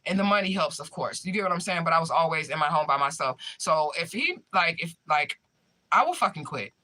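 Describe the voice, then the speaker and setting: A woman's voice: low voice, animated, fairly quick, bright, forceful tone. A young woman chatting casually with her viewers, telling a story in an emphatic, profane way. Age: young adult. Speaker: spiritual medium streamer.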